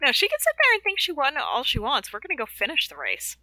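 A woman's voice: high voice, wildly swooping pitch, fast talker, sharp tone, no echo, rough recording. A woman playing a tabletop game, wry and full of questions. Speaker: player.

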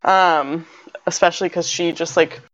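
A woman's voice: fairly low pitch, steady tone, normal speed. A woman co-hosting a casual podcast, rambling with lots of fillers and poking fun at herself. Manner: rambling, filler-heavy, self-mocking. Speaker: podcast co-host. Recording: dull lo-fi audio.

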